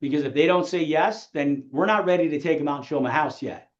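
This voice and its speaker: Man, real estate coach, rapid rhetorical questions, fairly high voice, echoey dull room. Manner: rapid-fire rhetorical questions, acts out clients. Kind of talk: motivational training talk to agents.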